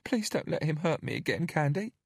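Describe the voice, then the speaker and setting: A man's voice: fairly high pitch, sing-song, brisk, vocal fry, husky, dry recording, studio quality, voice pushed up, full character voice. A man reading an audiobook, voicing a frightened little girl who pleads in a small, tearful voice. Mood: frightened pleading.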